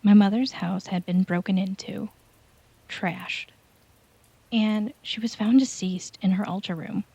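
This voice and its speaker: A woman narrates a first-person horror story in a slow, measured, calm way. Her voice is mellow and dark rather than bright. The recording sounds dull and lo-fi, close and dry with no room sound. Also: medium pitch, breathy edge, no room sound.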